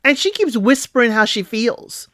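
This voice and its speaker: A woman recapping a reality show in a chatty, expressive way, often asking "okay?" and calling out to her listeners. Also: a little high, normal speed, no echo, studio quality. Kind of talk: casual recap commentary.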